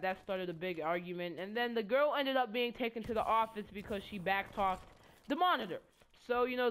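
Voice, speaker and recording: Rambling, cursing teenage girl. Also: medium pitch. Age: teens. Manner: rambling, stammering, profane. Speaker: student vlogger. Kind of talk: casual storytelling while gaming.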